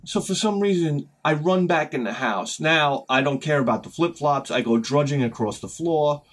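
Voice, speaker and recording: With a fairly high voice and an even, moderate pace, a retro game channel host tells a rambling story in his casual vlog. He animates it by jumping into both voices of conversations in quick, sudden bursts.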